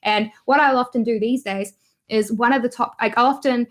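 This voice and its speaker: A woman's voice: fairly high pitch, steady tone, moderate pace. A woman with a New Zealand accent, a guest YouTuber chatting casually in an interview, laughing often and using lots of fillers.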